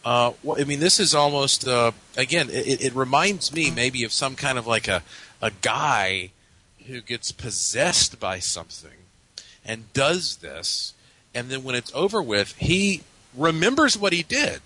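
A man's voice: medium pitch, lively intonation, measured pace, sharp tone, low-quality recording. A man hosting a talk show, musing aloud in a reflective, hesitant way. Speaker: podcast host. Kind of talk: casual chat.

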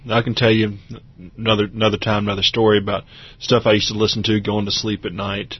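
A man co-hosts a radio talk show, easygoing and chatty with short asides. His voice is a touch husky. The sound is dry and dull like a studio radio broadcast. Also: fairly low pitch, little pitch movement, quick pace, no echo. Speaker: radio co-host. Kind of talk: casual radio chat.

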